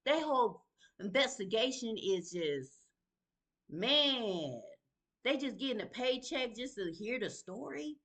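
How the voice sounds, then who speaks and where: A woman's voice: on the high side, takes it slowly. A middle-aged woman, venting in an emotional direct-to-camera vlog, heated and confrontational, calling out absent people in plain vernacular speech. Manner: Southern vernacular, sighs and breathes to calm down. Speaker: mother venting on a video.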